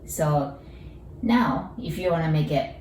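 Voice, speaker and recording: A woman with a Japanese accent teaching a friendly language lesson, slowing down to drill pronunciation. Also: sits low, lively intonation, darkish tone, roomy sound, far from the mic, slight background noise, low-quality recording. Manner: upbeat, slow careful pronunciation drills.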